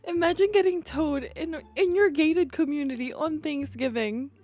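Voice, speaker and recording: A woman streaming, reacting to clips with expressive exclamations and laughter. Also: high-pitched, moderate pace, few pauses. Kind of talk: casual reaction commentary.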